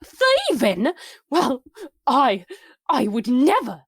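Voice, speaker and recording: A woman's voice: sits high, huge pitch swings, very slow, husky, no room sound, clean studio sound, voice pushed up, full character voice. A woman voicing a prim, indignant old woman with a put-on British accent. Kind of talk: amateur voice acting.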